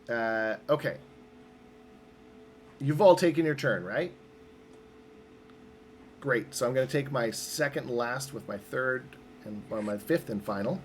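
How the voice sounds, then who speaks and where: A man's voice: mid-range voice, slight background noise. A man running a tabletop roleplaying game as game master, upbeat and patient as he explains the rules step by step.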